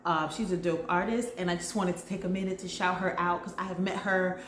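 A woman vlogger recapping a TV episode in a chatty, enthusiastic way with lively slang. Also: fairly low pitch, fairly quick. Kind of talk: casual chat. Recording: roomy echo.

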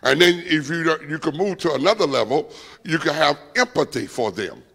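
A man's voice: a little high, animated, moderate pace, creaky, a bit bright. A man preaching a Bible study sermon, calling on the room to answer and fill in words. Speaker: pastor. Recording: long church reverb.

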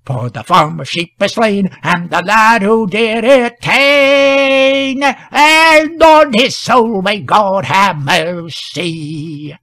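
A man chanting as a grim stranger singing a slow hanging song. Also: sits high, sharp tone, no echo, pitched above the performer's own voice, heavily acted. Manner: slow, drawn-out sung chant.

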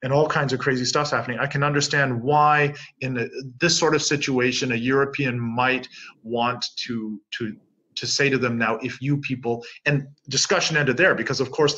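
Bright, animated Canadian-born man telling stories. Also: medium pitch, normal speed. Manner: animated storyteller, acts out both sides of conversations. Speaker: interview guest. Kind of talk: casual interview talk. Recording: dull lo-fi audio.

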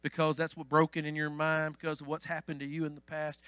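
A man preaching a Pentecostal sermon as pastor, swinging from hushed asides to shouted climaxes. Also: a little high, monotone, fast talker, few pauses, clear, resonant tone, no room sound.

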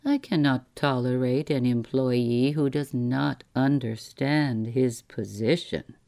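A woman's voice: extremely low pitch, dark tone, exaggerated voice. Woman playing a suave, ruthless boss. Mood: menacing. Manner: suave, unhurried, coolly menacing. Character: plump, smooth, ruthless male employer.

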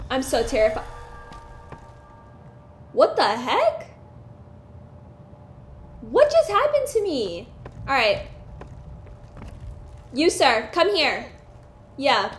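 An excitable woman narrates her gameplay and talks back at the enemies on screen. Her voice sits high, and the room around her is echoey, with a faint hiss underneath. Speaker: gaming streamer. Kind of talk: gameplay commentary.

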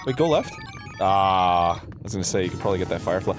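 A man's voice: low-pitched, lively intonation, fast. A man co-hosting a let's play, cackling, ranting and swearing at the screen. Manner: loud cackling laughter, mock-growling rants, profane. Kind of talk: gaming commentary. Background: music.

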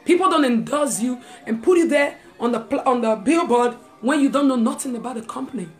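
A woman's voice: high-pitched, a little fast, faint music behind. A woman preaching a live-streamed sermon. She reads scripture aloud and talks straight to her listeners with friendly asides.

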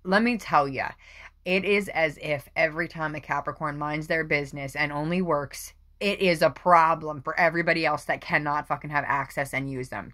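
A woman's voice: sits low, steady tone, normal speed, sharp tone. A woman doing a casual tarot reading, talking bluntly, swearing freely and repeating phrases for emphasis. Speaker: tarot reader.

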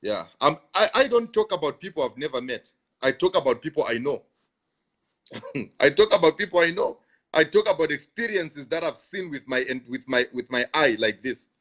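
A man's voice: on the high side, expressive, fairly quick, few pauses, fairly bright tone. A man, a pastor, talking on a live stream and answering viewer comments, repeating himself for emphasis and laughing between points.

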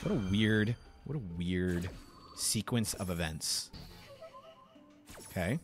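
A man casually commentating card game replays, excitable and quick to burst into laughter. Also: sits low. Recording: faint background music.

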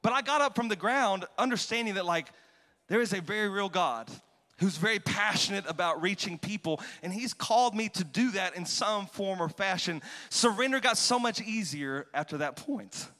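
A man preaching a passionate sermon as pastor, moving from quiet, reflective talk to loud, forceful exhortation. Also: high voice, expressive, normal speed. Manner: passionate, swings from quiet to shouting. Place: large church hall. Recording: long hall reverb.

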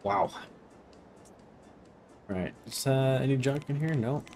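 A man's voice: medium pitch, unhurried, a little mellow, faint music behind. A man casually commenting while playing a video game, rambling, swearing and self-deprecating. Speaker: let's play host.

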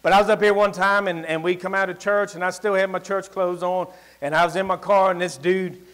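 Male preacher, high voice, rural Southern US accent, folksy and emphatic, big swings in loudness. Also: fairly even intonation, fairly quick. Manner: emphatic, swings from loud declarations to quiet asides, folksy. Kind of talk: sermon with personal storytelling. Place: church service.

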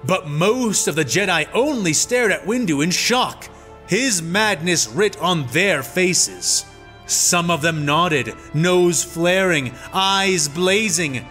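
A man giving a dramatic, expressive narration of fan fiction. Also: high-pitched. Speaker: storyteller.

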